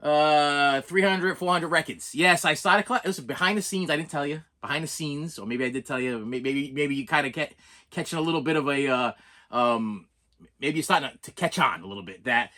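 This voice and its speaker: A man's voice: fairly high pitch, brisk, sharp tone. A man with a Boston accent chatting casually through an unboxing, rambling and self-deprecating, with frequent restarts. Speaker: collector vlogger.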